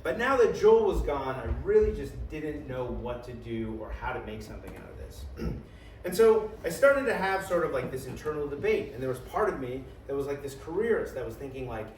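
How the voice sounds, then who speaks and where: A man telling a comic story in an animated, profane style, full of "like" and "right?". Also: medium pitch, a little fast, slight background noise. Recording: echoey room, distant mic, faint ambience.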